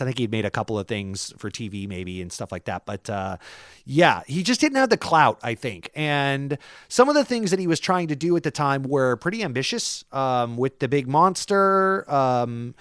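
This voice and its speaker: A man co-hosting a podcast, chatting casually in a rambling way with many fillers, often trailing off quietly. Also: mid-range voice, no room sound, studio quality. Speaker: podcast co-host. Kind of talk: casual chat.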